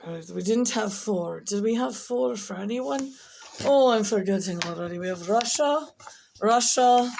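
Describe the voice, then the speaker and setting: A woman's voice: on the high side, animated, measured pace, vocal fry, darkish tone, slight background noise. A woman vlogger rambling through casual commentary, repeating herself and muttering asides as she goes.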